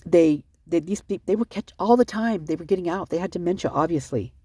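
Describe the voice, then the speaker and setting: Husky rambling vlogger, upset and sleepless. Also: mid-range voice, mellow, no echo, clean studio sound. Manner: fast, rambling, self-interrupting. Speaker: vlogger reading police reports. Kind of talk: rambling commentary vlog.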